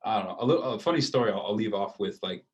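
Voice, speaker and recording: An American man in his thirties, telling a casual story as an interview guest, with a relaxed, rambling way of talking and lots of fillers. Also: on the low side, very fast, muffled recording. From United States.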